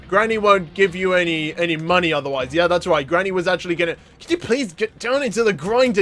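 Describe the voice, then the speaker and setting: An excitable man hosting a gaming channel and narrating his own matches. His voice sits high for a man, and it jumps into yells and laughs. Faint music plays under his commentary. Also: fast, hardly any pauses. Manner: excitable, yelling and laughing at the game. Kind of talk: let's play commentary.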